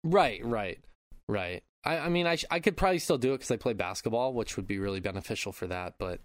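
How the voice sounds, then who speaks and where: A man's voice: mid-range voice, animated, quick pace, no echo. A man in his thirties co-hosting a podcast, telling a rambling story in casual chat, swearing and laughing often. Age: 30s. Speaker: podcast co-host.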